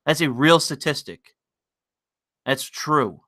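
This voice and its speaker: A male livestream host rants casually, mixing profanity with mockery as his thoughts ramble on. His voice sits slightly high for a man. It comes across bright and forceful. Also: slow pace. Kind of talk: casual ranting commentary.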